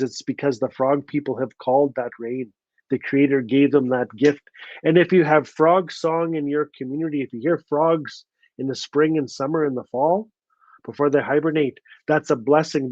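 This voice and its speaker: A Canadian author telling stories to an audience in a live talk, repeating key lines for emphasis. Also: male voice, on the high side, a little mellow, dry recording, dull audio. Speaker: author and storyteller.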